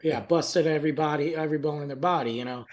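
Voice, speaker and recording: Laughing, animated male podcast co-host. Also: fast. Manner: animated storyteller, laughs often, lively pitch swings. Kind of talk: casual chat, telling a family story.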